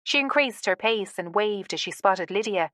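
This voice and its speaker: An audiobook narrator, a calm woman, reads a romance novel as scripted narration. Her pitch is medium and her pace moderate, captured as a dry, clean studio recording.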